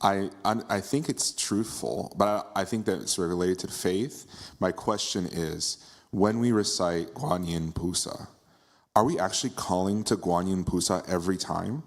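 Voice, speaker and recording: A man asking his teacher a question, halting and hesitant. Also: low-pitched. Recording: long hall reverb, off-mic.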